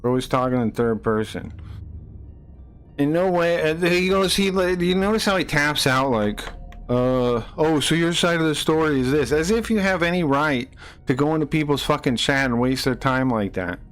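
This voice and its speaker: Pissed off streamer guy yelling at his chat, kinda high voice, swears a lot, faint music behind. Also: expressive, moderate pace. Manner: angry, profane, repeats himself, rising to shouts. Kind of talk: heated live-stream rant at chat.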